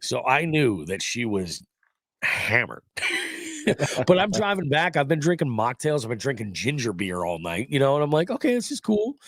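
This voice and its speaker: A middle-aged man hosts a podcast, his medium-pitched voice stuffy and nasal from congestion. Casual and rambling, he jokes and swears into a studio mic with no room sound.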